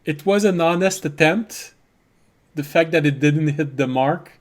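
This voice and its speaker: A man's voice: on the high side, fairly even intonation, normal speed. A man narrating as game master of a tabletop game, explaining rules and describing items patiently.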